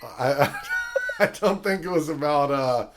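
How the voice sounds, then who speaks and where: A man hosting a podcast, chatting casually and excitedly about a film, rambling with restarts and frequent swearing. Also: fairly high pitch, measured pace, background noise. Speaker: podcast host.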